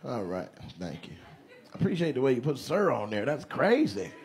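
A male stand-up comedian doing live crowd work, teasing audience members with quick questions and laughing asides. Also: mid-range voice, sing-song. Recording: live show with loud crowd and noise.

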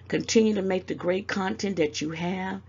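Giving casual direct-to-camera advice on YouTube, this older woman with a Southern US accent scolds like a mother and calls folks "baby." Her voice sits at medium pitch and moderate pace, a little mellow and husky, with the highs cut off.

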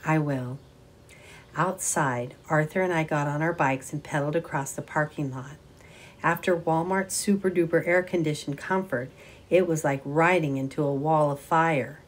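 A woman reads a children's novel aloud with a notably low voice. Her delivery is steady and even, moving through the narration at an unhurried storytelling pace. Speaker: audiobook reader.

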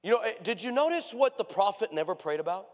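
A man preaches to his church in a high, bright-edged voice. He tells his stories with energy and acts out the people in them with loud, raised voices. A long reverb from the hall trails every phrase. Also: quick pace. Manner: animated storytelling, acts out characters with big raised voices. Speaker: pastor. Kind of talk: sermon. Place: church sanctuary.

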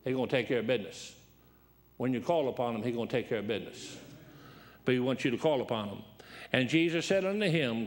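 A man's voice: medium pitch, expressive, a little fast, pauses often. A man in his seventies, a guest preacher, telling rambling, humorous personal stories during a sermon. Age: 70s. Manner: folksy, rambling, humorous storyteller. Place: church sanctuary. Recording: reverberant church hall.

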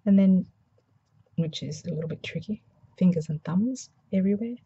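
Brief: Australian woman craft demonstrator, low gravelly voice, slightly hoarse, mumbles softly, dull lo-fi recording. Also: normal speed. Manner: soft-spoken, mumbling, thinking aloud. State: hoarse after flu. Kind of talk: casual craft tutorial.

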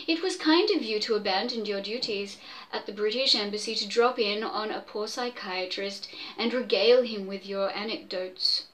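A woman's voice: mid-range voice, normal speed, fairly bright tone, natural voice, poor audio. A woman voicing a dry, teasing male psychiatrist in a storybook reading. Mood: mocking.

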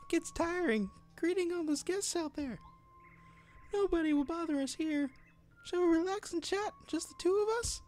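A sweet, sing-song princess voice squeezed up into a strained falsetto, as a man puts her on while reading along with a game. It sits very high and swoops around, with quiet game music underneath. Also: lively intonation, moderate pace. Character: Princess Peach in a falsetto girl voice.

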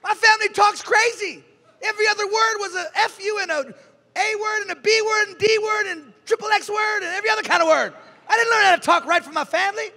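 A man preaching a sermon as pastor, shouting call-and-response lines to the congregation and driving them on. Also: very high-pitched, quick pace, creaky. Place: large church hall with music. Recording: echoey church hall with music behind.

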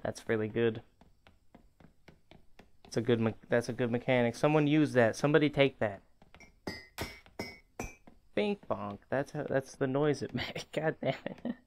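A man's voice: medium pitch, normal speed, pauses often, a little mellow, a little hiss or hum. A man hosting a gaming channel, giving chatty, rambling commentary as he plays, laughing often. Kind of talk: casual game commentary.

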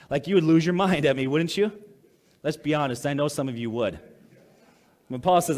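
In a slightly high, somewhat mellow voice, a male pastor preaches briskly and conversationally. He reads scripture, explains it simply, and puts questions to the congregation.

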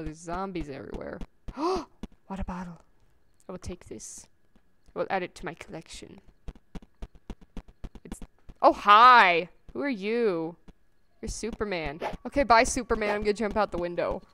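A woman giving chatty let's-play commentary on a survival game, gasping at finds and breaking into squeaky sing-song calls. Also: slight background noise. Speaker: gameplay commentator.

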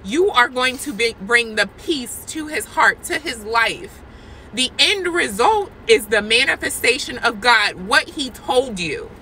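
A woman's voice: a little high, lively intonation, a little slow, sharp tone, slight background noise, rough recording. A woman sharing an impassioned prophetic testimony from a church parking lot, earnest and repetitive, speaking straight to her viewers. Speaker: Christian vlogger sharing a prophetic word.

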